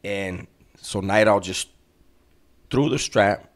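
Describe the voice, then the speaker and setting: A man telling a story in casual street slang, often clearing his throat and tagging lines with "right?". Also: fairly low pitch, slow pace, pauses often. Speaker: storyteller recounting prison life.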